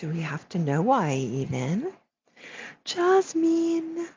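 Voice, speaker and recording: A woman's voice: fairly low pitch, expressive, takes it slowly, slight background noise. A woman energy healer giving a live energy reading, speaking affectionately to each person and drawing out her words. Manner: affectionate, calls people sweetheart and baby. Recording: dull lo-fi audio.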